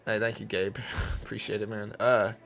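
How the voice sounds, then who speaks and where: A young Louisiana man with a Southern accent trades on a live stream, giving laid-back, chatty market commentary full of fillers. His lowish, gravelly voice is a bit bright, stays fairly flat in pitch, and moves at normal speed over soft background music.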